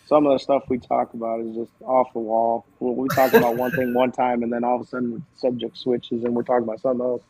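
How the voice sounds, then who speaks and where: A man guest on a podcast, casually telling animated stories and quoting others, with many fillers and restarts. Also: medium pitch, quick pace, hardly any pauses, slightly rough, rough recording. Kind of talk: casual storytelling.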